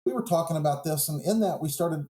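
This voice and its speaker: A pastor on a podcast, telling a Bible story in an earnest, reflective way. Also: male voice, on the high side, quick pace, mellow, echoey room, low-quality recording.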